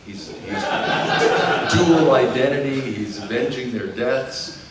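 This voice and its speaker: A man, a voice actor on a fan convention panel, telling animated stories and moving from hushed to loud. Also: mid-range voice, slow pace, over a noisy crowd. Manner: animated storyteller, lively swings from hushed to loud. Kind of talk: storytelling panel Q&A. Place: large convention hall. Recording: roomy distant convention hall recording with noise.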